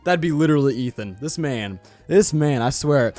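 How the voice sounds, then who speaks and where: A man giving casual, joking commentary while playing a video game, excitable and quick to laugh. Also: mid-range voice, faint music behind. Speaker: gaming channel host.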